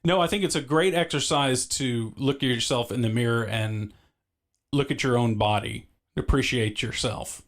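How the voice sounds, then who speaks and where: A man hosting a live stream, calm and easygoing, steering the conversation and reading the chat. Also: medium pitch, normal speed. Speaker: stream host.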